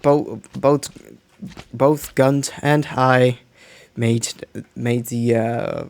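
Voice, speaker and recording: A man talks his way through a game stream in a loose, rambling way. He trails off, restarts sentences and mutters to himself while he plays, at a middling pitch. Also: steady tone, drawn-out words, darkish tone. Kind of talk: casual gameplay commentary.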